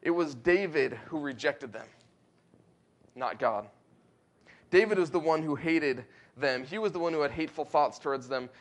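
A man with a high, light voice delivers a sermon. He preaches with earnest conviction, building to emphatic high points and slowing down on the words he wants to land. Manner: earnest preaching, rising emphatic peaks, slows for weight. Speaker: pastor.

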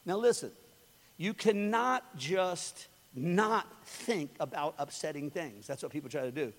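A man with a high, light voice preaches to a congregation and keeps it conversational. He hammers his key lines by repeating them. The sound carries a long hall reverb. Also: expressive, a little slow. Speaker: pastor. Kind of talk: sermon.

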